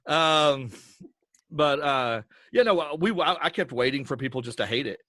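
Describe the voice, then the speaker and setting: A man chatting as a guest on a podcast, telling stories in an animated, rambling, self-deprecating way. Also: medium pitch, moderate pace, dry recording, clean studio sound. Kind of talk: casual interview chat.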